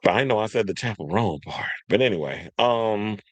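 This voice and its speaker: A man hosting a casual commentary show, talking in an animated way and mocking others through quick impressions. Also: fairly low pitch, no room sound. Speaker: podcast host.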